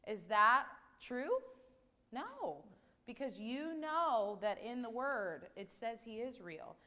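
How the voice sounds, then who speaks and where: A woman gives a children's sermon in a church. Her voice sits a little high, and her delivery is gentle and conversational. She asks the children simple questions and draws them in. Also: big pitch swings, unhurried. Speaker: children's message leader. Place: church sanctuary.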